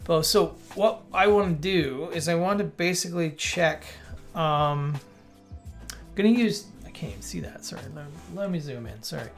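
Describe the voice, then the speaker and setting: A man's voice: fairly high pitch, moderate pace. A man teaching coding on a livestream, thinking aloud and correcting himself as he chats to viewers. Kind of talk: casual live coding walkthrough. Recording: light background music. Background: faint music.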